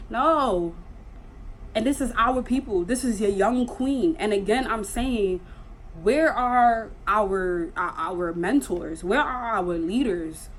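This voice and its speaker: A woman's voice: mid-range voice, takes it slowly, slight background noise, rough recording. Earnest woman telling a story. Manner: earnest, emphatic, repeats phrases for emphasis. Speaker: vlogger. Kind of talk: casual storytelling.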